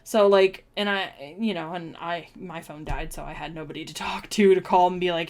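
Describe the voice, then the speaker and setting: A woman's voice: lowish voice, measured pace. A woman giving a chatty, rambling oracle card reading on a live stream, with many ums and restarts. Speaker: tarot reader.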